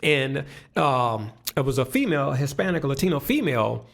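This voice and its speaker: A man telling stories as a guest in a casual podcast conversation, animated and profane, with many restarts. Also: medium pitch, normal speed, gravelly.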